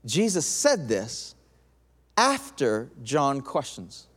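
A man preaching a sermon with an animated delivery, swinging from lively emphasis to a soft, intense tone. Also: mid-range voice, very slow, slightly rough, big-room sound. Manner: animated, acts out quoted voices, drops to soft intense tone.

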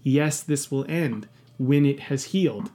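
A man's voice: medium pitch, measured pace, warm tone. A man talking candidly in a podcast conversation, passionate and emphatic, swearing often and reflecting earnestly on his own past.

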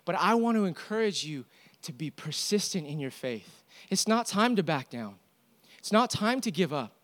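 A young man preaching a sermon, swinging between loud urgent exhortation and quiet storytelling. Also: sits high, sing-song, moderate pace. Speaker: pastor.

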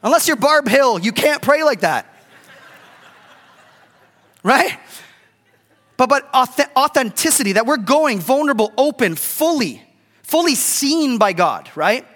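A man's voice: extremely high pitch, very animated, measured pace, long pauses, a bit bright, long reverb tail. A middle-aged man preaching a casual, conversational sermon as a pastor, often checking in with "right?". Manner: conversational, keeps asking "right?".

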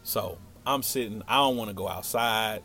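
A man's voice: on the low side, moderate pace, soft background music. A young man telling a funny personal story in casual slang, acting out every line of dialogue. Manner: animated, slangy, acts out dialogue.

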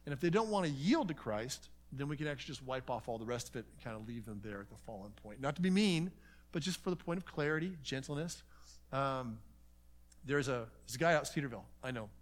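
A man's voice: mid-range voice, fast. A man teaching a conference seminar in a conversational way, telling stories and acting out conversations with many asides. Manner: animated storytelling, acts out conversations.

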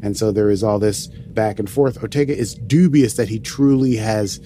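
A man's voice: on the low side, moderate pace, warm tone, slight background noise. Jokey man co-hosting a podcast. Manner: jokey, slips in and out of playful put-on voices. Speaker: podcast co-host. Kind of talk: casual podcast chat and episode recap.

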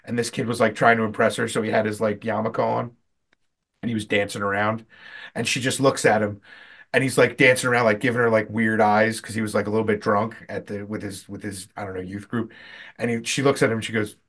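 A man telling a long, animated anecdote on a casual podcast, full of fillers and restarts. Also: fairly low pitch, fast. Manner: rambling, animated anecdotes with many fillers and self-corrections. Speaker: podcast co-host. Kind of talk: casual storytelling chat.

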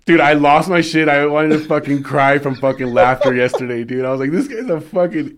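A man's voice: mid-range voice, flat delivery, brisk. A young man co-hosting a podcast in casual chat, laid-back and profane, laughing often as he tells stories. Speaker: podcast co-host.

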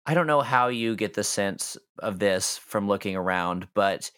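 A man's voice: lowish voice, unhurried, clear, resonant tone. Game master man, easygoing and chuckling, with a lot of swing in his voice. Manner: relaxed, laughing, loose. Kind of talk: running a tabletop game.

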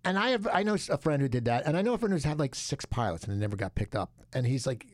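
Man, podcast host, rambling chatty talk, very animated pitch, dry close sound. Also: fast talker, no room sound. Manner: chatty, rambling, jumps in pitch when excited. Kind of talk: casual interview chat.

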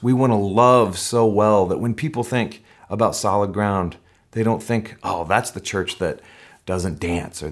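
A male pastor preaching a sermon in an earnest way that climbs into excited emphasis. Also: on the low side.

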